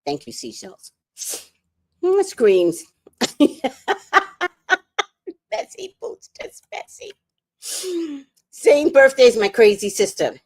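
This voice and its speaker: Woman host, casual late-night stream chatter, slightly high voice, lots of laughing and cursing. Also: huge pitch swings, takes it slowly, long pauses, darkish tone. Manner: profane, laughs often, reads viewer comments aloud. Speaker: livestream host.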